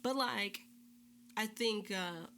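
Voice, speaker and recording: A young woman with a mid-pitched voice guests on a casual podcast chat. She giggles easily and keeps chiming in with short, agreeable affirmations. A faint hum runs under the recording. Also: slow, fairly bright tone.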